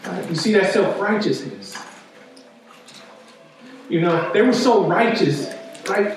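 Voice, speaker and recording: High-voiced preacher in an echoey hall. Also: male voice, expressive, slow pace, pauses often, soft background music. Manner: conversational preaching, frequent "right?" asides. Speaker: pastor. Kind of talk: sermon. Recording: echoey hall, distant mic.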